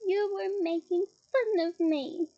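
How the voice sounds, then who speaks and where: A woman's voice: very high-pitched, takes it slowly, mellow. A woman with a Scottish accent voicing a sulky, weeping ghost schoolgirl with a whiny, tearful voice. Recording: dull lo-fi recording.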